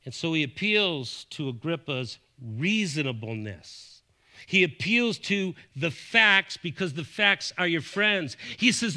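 A middle-aged man from Buffalo, New York, preaching a sermon, his voice rising and dropping sharply as he makes his points. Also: a little slow. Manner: animated preaching, rising and falling in pitch and volume. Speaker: pastor.

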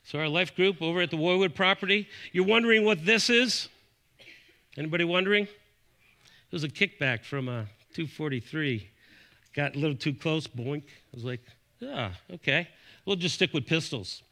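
A middle-aged man from Buffalo, New York, delivering a sermon as a pastor. His voice is fairly high and bright, with a forceful edge, and he swings between loud, emphatic peaks and low, quiet drops. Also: normal speed. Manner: animated preaching, rising and falling in pitch and volume.

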